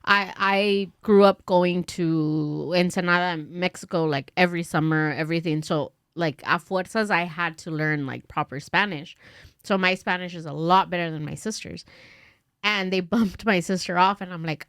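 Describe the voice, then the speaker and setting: A woman's voice: lowish voice, normal speed, a bit bright, smooth, no echo, studio quality. A woman telling a rambling story in casual podcast talk, with lots of fillers and laughter.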